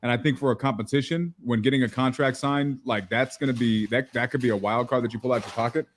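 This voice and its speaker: A man's voice: medium pitch, fairly even intonation, fast. A real estate investor, a man, chatting casually over a video call in an eager, emphatic way. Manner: eager, emphatic, talks to the others as dude and bro. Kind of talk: casual chat.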